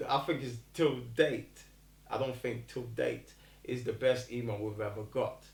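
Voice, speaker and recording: A man co-hosting a podcast in casual chat, excitable and quick to laugh. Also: medium pitch, gravelly. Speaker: podcast co-host. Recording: echoey room.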